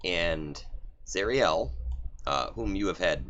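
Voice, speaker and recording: A man's voice: deep voice, expressive, takes it slowly, fairly bright tone, lo-fi sound. A man narrating a tabletop game as game master, telling the story animatedly.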